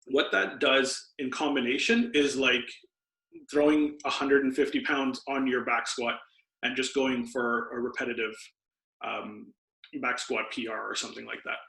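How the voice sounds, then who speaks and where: Bright-voiced man explaining health tips. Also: medium pitch, steady tone, measured pace, vocal fry. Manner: patient, explanatory, lecturing tone. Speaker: podcast guest, doctor. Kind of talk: explanatory podcast interview. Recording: roomy echo.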